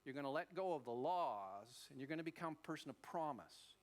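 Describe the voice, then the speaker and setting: A man preaching a sermon as a pastor, telling the story in a lively way and acting out the voices. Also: a little high, fairly quick. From Australia.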